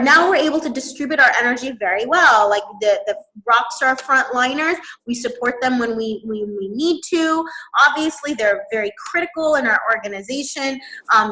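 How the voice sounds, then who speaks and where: A woman with a high voice walks listeners through a business growth strategy. She talks in an animated way and laughs often. The room around her is echoey. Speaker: network marketing leader.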